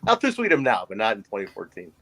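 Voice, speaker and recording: A man's voice: lowish voice, quick pace, heavy background noise. A man in his forties, a podcast co-host, telling a story in casual chat and acting out the voices of the people in it. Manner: animated storyteller who acts out voices.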